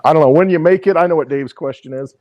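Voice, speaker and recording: A man's voice: fairly high pitch, fast talker, muffled recording. A man in casual chat, laid-back and rambling, chuckling as he talks. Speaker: podcast co-host.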